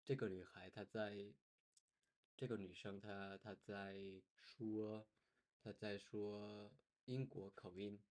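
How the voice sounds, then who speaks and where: Viewer reacting, slow casual speech, repeats sounds aloud. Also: deep voice, little pitch movement, darkish tone. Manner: repeats sounds along with the video, banters.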